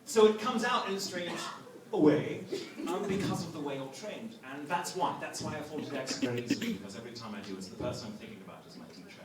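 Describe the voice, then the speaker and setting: A man's voice: fairly high pitch, animated, fast talker. A man from Texas with a neutral American accent, a voice actor joking with fans during a convention Q&A panel. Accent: none, neutral American. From Texas, USA. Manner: playful, joking, calling on fans. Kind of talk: lively fan Q&A banter. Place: large convention hall. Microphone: handheld phone in the audience. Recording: echoey hall, far phone mic, noisy crowd.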